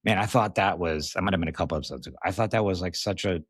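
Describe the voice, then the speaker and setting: A man's voice: low voice, rapid-fire, husky, dry recording, studio quality. An American man and comedian hosting a solo podcast, talking candidly in a rambling, self-mocking way. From United States. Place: recording while on tour away from home.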